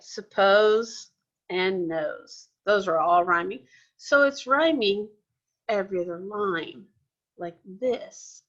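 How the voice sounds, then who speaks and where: A woman teacher talks slowly and deliberately through a lesson for young children, spelling things out one step at a time. Her pitch sits in an ordinary middle range. The recording sounds dull and a little lo-fi. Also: fairly bright tone. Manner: patient, step-by-step explaining to children. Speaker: second grade teacher.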